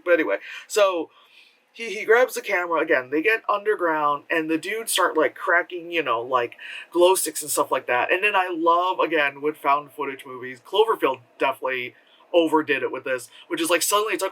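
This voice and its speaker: A man giving a rambling, profane movie review, full of fillers and quick exaggerated impressions of the characters. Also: fairly high pitch, lively intonation, sharp tone, recorded from a distance, rough recording. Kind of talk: casual film review monologue. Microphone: camera with a flash.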